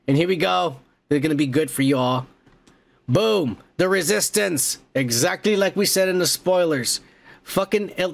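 A man hosting a podcast, excitedly recapping a movie in a casual, profane, rambling way. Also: fairly high pitch. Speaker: podcast host.

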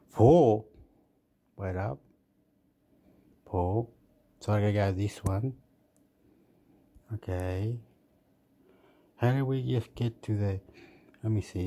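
Slow, rambling man reviewing a phone. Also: lowish voice, dark tone. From Australia. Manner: rambling, thinking aloud, self-deprecating. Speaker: vlogger.

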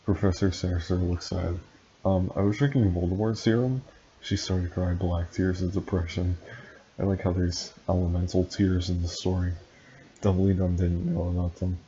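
Deep, flat-voiced man reading deadpan. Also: moderate pace. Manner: deadpan, dry asides, stumbles over words. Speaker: reader and commentator. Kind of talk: comic read-aloud of fan fiction with commentary. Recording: dull lo-fi sound, faint hiss.

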